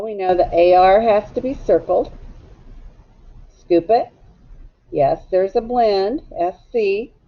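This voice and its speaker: A middle-aged woman teacher giving a slow, patient phonics lesson, sounding out word parts step by step. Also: lowish voice, highs cut off. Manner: slow, patient, drawn-out instruction.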